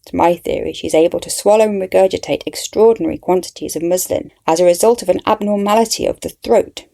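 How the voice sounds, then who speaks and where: A woman's voice: fairly low pitch, fast, gravelly, warm tone, voice pushed up. A woman voicing a pompous, prying middle-aged male investigator in a storybook reading. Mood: probing. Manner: prying, condescending.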